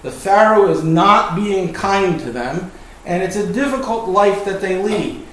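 A man's voice: high voice, expressive, a little slow, a bit bright, distant mic. A man with a Virginia accent preaching a Bible lesson, emphatic and folksy, repeating his key points. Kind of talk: Bible teaching sermon. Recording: very echoey room.

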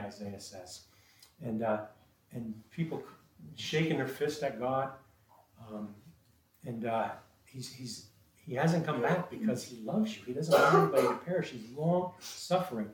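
A man's voice: medium pitch, moderate pace. A man preaching a sermon, emphatic and repetitive, often restarting his sentences with fillers. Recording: roomy echo, distant mic, faint noise.

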